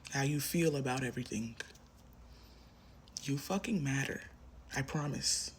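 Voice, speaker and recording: Over background noise, a tarot reader with a medium-pitched male voice, lively intonation, and vocal fry gives a collective reading at a measured pace, addressing the viewer directly. He speaks with fervor and emphasis, repeats phrases, swears, and occasionally lowers his voice to a whisper.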